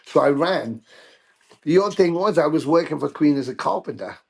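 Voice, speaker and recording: A middle-aged British man telling anecdotes in a casual interview, animated when he quotes others. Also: fairly high pitch, moderate pace, gravelly, slightly rough. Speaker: guest musician.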